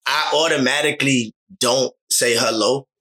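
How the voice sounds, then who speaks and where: A man's voice: mid-range voice, fairly even intonation, normal speed, pushed and bright. A man in casual podcast chat, telling rambling stories with lots of fillers and restarts. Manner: rambling storyteller, many likes and restarts.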